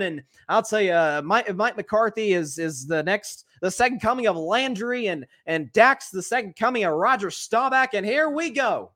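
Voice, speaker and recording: A man hosting a live sports talk show, talking in an animated way with frequent restarts and repeated words, and reading viewer comments aloud. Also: sits high, moderate pace, few pauses.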